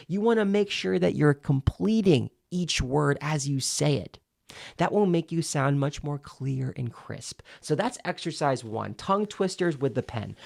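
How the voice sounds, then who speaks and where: A man coaching viewers on clear speech, walking them through each exercise step by step. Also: a little high. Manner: demonstrative, slowly spelling out each step. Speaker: speaking coach. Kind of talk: instructional talk to camera.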